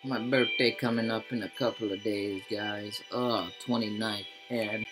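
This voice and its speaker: A man's voice: fairly low pitch, fairly even intonation, measured pace, over music, rough recording. A man giving casual gameplay commentary as a YouTuber, rambling and full of profane slang. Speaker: gaming YouTuber.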